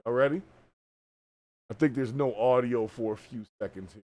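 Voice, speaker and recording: A man hosting a live stream, reacting to a video with casual, animated, colloquial commentary. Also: medium pitch, moderate pace. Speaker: host.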